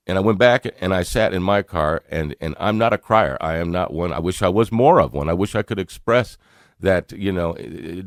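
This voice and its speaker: A middle-aged man from North Carolina with a Southern accent, an earnest radio host telling a personal story with halting repeats and frequent chuckles. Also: low-pitched, no echo, clean studio sound.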